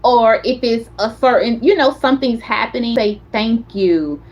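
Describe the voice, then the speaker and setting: A woman hosting a casual chat stream, telling animated stories and talking straight to her viewers. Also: fairly high pitch, normal speed. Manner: chatty, animated storyteller, talks straight to viewers. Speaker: content creator host.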